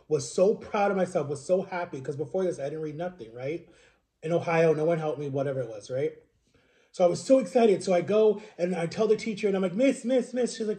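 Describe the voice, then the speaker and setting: This is a man in his thirties, sharing his personal history on a vlog. His voice sits somewhat high but sounds soft and mellow. He talks in a rambling, earnest, emotional way, and keeps checking in with a quick "right?". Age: 30s. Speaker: vlogger. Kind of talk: personal storytelling to camera.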